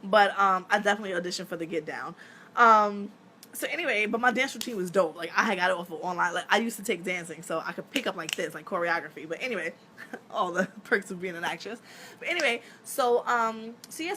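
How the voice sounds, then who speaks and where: A bright, sharp-toned woman in her thirties talks casually to her followers on a live stream. She tells stories with lots of energy, laughs often and swears without a second thought. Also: mid-range voice, fairly quick, a little hiss or hum. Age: 30s. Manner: animated storytelling, laughs often, swears freely.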